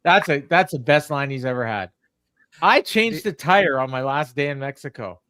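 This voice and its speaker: A man's voice: medium pitch, animated, moderate pace, a bit bright, clean tone. Middle-aged guy on a podcast mic, rambles thru stories, um uh a lot, voice sits mid range. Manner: rambling storyteller, many ums and restarts. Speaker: co-host. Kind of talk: casual podcast chat.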